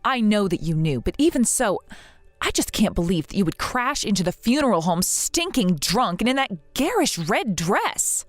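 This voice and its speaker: A woman's voice: medium pitch, big pitch swings, moderate pace, no room sound. A grieving young wife pleads earnestly, as a woman acts her out in a dramatized story. Her voice moves expressively through its range, recorded dry and close over faint background music. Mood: hurt.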